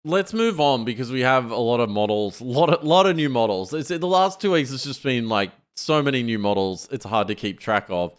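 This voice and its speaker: A man's voice: medium pitch, expressive, brisk, hardly any pauses. A man co-hosting a tech podcast, talking loosely with many fillers. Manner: loose, filler-heavy, uses "like" a lot. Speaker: podcast co-host. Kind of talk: casual tech podcast chat.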